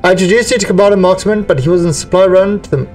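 A man reading the lines of a steady male mercenary executive officer, calm and reassuring as he briefs, with a slightly higher voice heard from a distance over music. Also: very fast, lightly acted.

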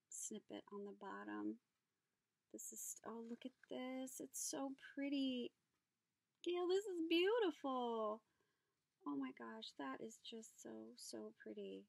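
A woman hosting a craft channel, opening a mail package and gushing over each item with gasps, soft whispers and breathy exclamations. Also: a little high, dry recording. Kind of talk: casual unboxing chat.

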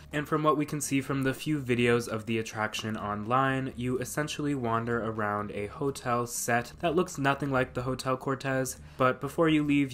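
A man's voice: medium pitch, a bit bright. A man narrating a scripted video essay, with dry sarcastic asides.

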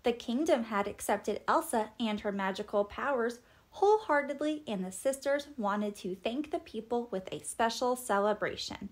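A woman reading a children's storybook aloud, with a lively, melodic delivery. Her voice sits fairly high and she narrates with an expressive, animated manner. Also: normal speed. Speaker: storybook reader.

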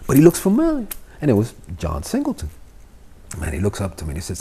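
A man's voice: lowish voice, fast, husky. A middle-aged man from Miami, of Cuban family, telling stories as a podcast guest in a loose, swearing style and acting out the voices. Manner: animated, swearing, acts out the voices in his stories. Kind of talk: casual storytelling chat.

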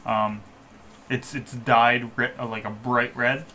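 A man narrating as game master at a live tabletop session, describing scenes in a relaxed, improvised way. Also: medium pitch, slow pace, a little hiss or hum. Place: home gaming session streamed live.

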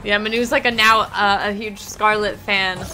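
Bright, enthusiastic woman esports caster. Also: mid-range voice, steady tone, normal speed, faint music behind, rough recording. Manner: enthusiastic play-by-play, loud exclamations. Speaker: fighting game commentator. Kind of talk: casual esports commentary.

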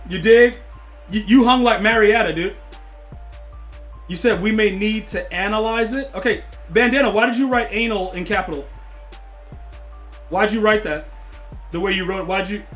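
Male game streamer with a high voice; loud, profane reactions and joking back-and-forth with viewers. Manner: excitable, swears, loud outbursts at the game; teasing banter with chat. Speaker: gaming streamer.

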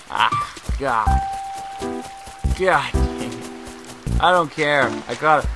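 A young man hosts his own gaming video, talking through the game in a rambling, chatty way. His voice sits at a middling pitch and jumps into excited shouting at big moments. Game music plays clearly behind him. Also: slow pace, long pauses. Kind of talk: let's play commentary.

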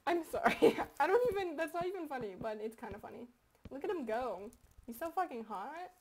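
A young woman with a high voice chats casually over her gameplay, swearing and joking. She keeps up a loose, rambling patter that bursts into sudden loud yells. She records on a close mic at home. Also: big pitch swings, a little slow, a little hiss or hum. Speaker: gaming commentator.

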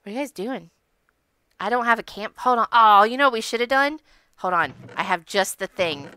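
A woman's voice: on the high side, lively intonation, a little fast, pushed and bright, clear, resonant tone, no echo. A young woman hosting a game role-play stream, playful and giggly as she chats and tells stories. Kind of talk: casual gaming stream chat and storytelling.

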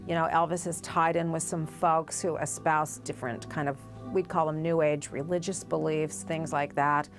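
A woman with a very low voice explains the background in an interview. She speaks plainly, in an explanatory tone. Faint music plays behind her. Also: little pitch movement, normal speed. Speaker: commentator.

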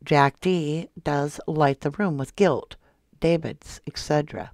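A soft-spoken woman hosting a true crime livestream, reading viewer comments aloud and calling her viewers love and honey. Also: low voice, takes it slowly, no room sound, clean studio sound. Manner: affectionate toward viewers, calls them love and honey. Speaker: true crime channel host.

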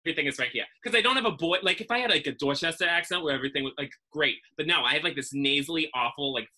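A man's voice: on the high side, rapid-fire, sharp tone. A man from Massachusetts hosting a podcast, chatting casually over a video call and wandering into self-deprecating tangents. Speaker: podcast host.

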